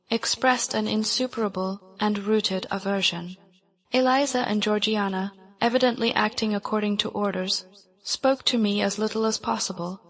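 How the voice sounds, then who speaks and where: Woman reading an audiobook, measured. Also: mid-range voice, a bit bright. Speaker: audiobook narrator. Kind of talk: scripted narration.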